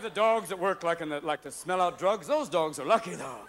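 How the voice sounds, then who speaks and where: Manic stand-up comedian, high voice. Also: male voice, lively intonation, crowd noise, noisy background. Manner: manic, rapid jumps between voices. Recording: live show with loud audience laughter. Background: audience laughter.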